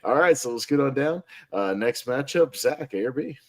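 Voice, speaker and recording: A man's voice: medium pitch, animated, moderate pace. A man hosting a casual online group chat, upbeat and laughing often as he runs the votes. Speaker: host.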